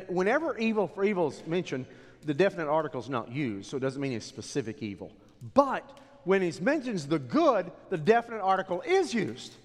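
A middle-aged male pastor preaching a sermon in a church, dropping low and then rising to emphatic exhortation. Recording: long hall reverb.

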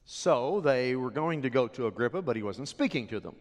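A man preaching a sermon as a pastor, telling the story with animated drama. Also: medium pitch, a little fast. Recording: long hall reverb.

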